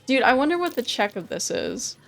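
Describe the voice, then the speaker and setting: A woman streamer chatting casually over gameplay, laughing often and repeating herself when excited. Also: fairly high pitch, brisk, gravelly, faint music behind.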